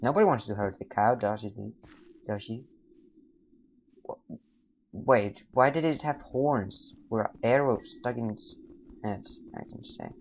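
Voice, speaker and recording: A young man whose first language is not English, rambling through casual let's play commentary with sudden loud, silly outbursts. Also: mid-range voice, measured pace, pauses often, lo-fi sound, slight background noise. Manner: rambling, excitable, bursts of loud silly exclamations. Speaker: gamer.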